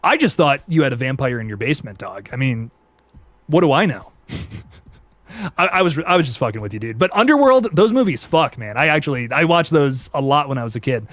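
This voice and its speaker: Lively, dry-miked young man chatting. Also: mid-range voice, brisk, no echo. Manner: excitable, laid-back slang, frequent laughs and restarts. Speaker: youtube host reading live chat. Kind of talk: casual live-stream chat.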